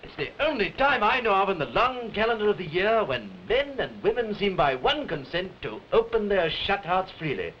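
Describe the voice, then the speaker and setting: An actor with a British accent playing a cheerful, warm-hearted young nephew who pleads earnestly. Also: male voice, high voice, big pitch swings, normal speed, hardly any pauses, slight background noise. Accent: British English. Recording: dull 1930s film soundtrack with music.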